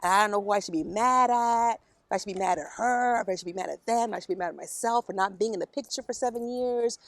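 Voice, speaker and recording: Middle-aged woman, interviewee; candid, blunt, emotional; mid-pitched; dry, close sound outdoors. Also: fast, no room sound. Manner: frank, emotional, blunt with swearing. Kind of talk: candid conversation. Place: outdoors in a park.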